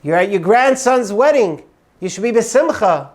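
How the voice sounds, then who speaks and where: A man's voice: high voice, expressive, moderate pace, voice pushed up. A man voicing a kindly rabbi who speaks reassuringly in a told story.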